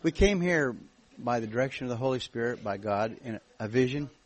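An American man speaking as a guest minister at a church meeting, telling his story in a relaxed, joking way. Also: mid-range voice, brisk, rough recording. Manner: jokey, relaxed storytelling with restarts. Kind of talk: church talk, testimony.

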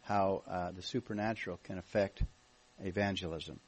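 Husky American man preaching. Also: low voice, moderate pace, low-quality recording. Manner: jokey, relaxed storytelling with restarts. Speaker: guest minister. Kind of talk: church talk, testimony. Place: church meeting.

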